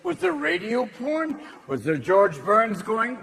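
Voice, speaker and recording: Manic high-voiced male stand-up comedian. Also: wildly swooping pitch, vocal fry, fairly bright tone. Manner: manic, rapid-fire, mimicking. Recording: noisy live stand-up venue.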